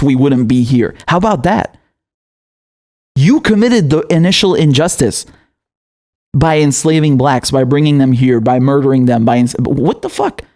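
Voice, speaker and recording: A man's voice: a little high, a little mellow. A young man hosting political commentary, indignant and profane, often laughing.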